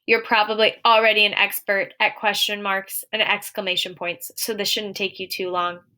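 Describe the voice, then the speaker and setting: Bright, encouraging woman teacher. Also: mid-range voice, flat delivery. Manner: clear, encouraging, slows to read example sentences aloud. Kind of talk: recorded video lesson for young children.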